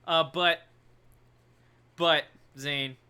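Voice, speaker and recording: A man's voice: fairly high pitch, steady tone, very slow, pushed and bright, clear, resonant tone. A man co-hosting a sports podcast, talking casually in a playful, teasing way and laughing often. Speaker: podcast co-host. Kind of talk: casual chat.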